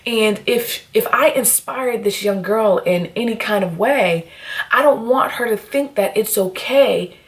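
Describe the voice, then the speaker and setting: A young woman on her vlog, telling a personal story in an animated, blunt and profane way. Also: medium pitch. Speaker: beauty YouTuber.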